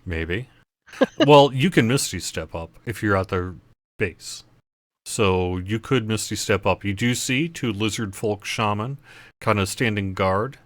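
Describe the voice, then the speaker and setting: A man with a lowish voice acts as game master for a tabletop game over voice chat. He talks in a hesitant way, with plenty of fillers. The sound is dry and close. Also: a little slow, no echo.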